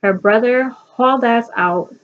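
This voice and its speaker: A woman's voice: on the high side, unhurried, phone-quality sound. A young woman telling a personal story in casual chat, rambling with fillers and restarts.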